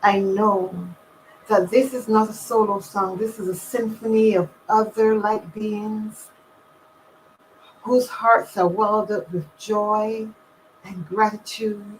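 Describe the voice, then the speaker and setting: A woman from Barbados leading a calm, meditative invocation prayer. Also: mid-range voice, slight background noise, low-quality recording. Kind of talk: slow guided prayer.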